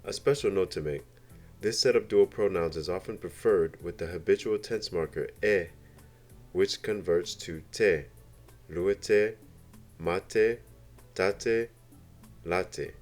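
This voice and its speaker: A man narrating a scripted beginner language lesson, explaining slowly and carefully with example phrases. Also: low voice, a little mellow, faint music behind. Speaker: language teacher.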